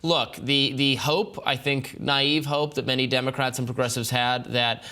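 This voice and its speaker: Bright, crisp, analytical male voice. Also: mid-range voice, little pitch movement. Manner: deliberate, analytical, with many hesitations. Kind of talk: measured political analysis.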